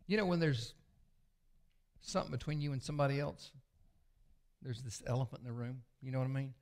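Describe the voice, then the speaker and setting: A man, a pastor preaching a sermon with folksy, confessional storytelling that often sinks to a low murmur. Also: fairly quick, a little mellow. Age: 60s.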